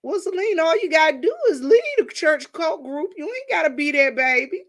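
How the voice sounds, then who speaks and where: A woman's voice: high-pitched, animated, normal speed. A woman from Washington, D.C. hosting a livestream, chatting casually with viewers and telling stories, calling them y'all. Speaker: livestream host.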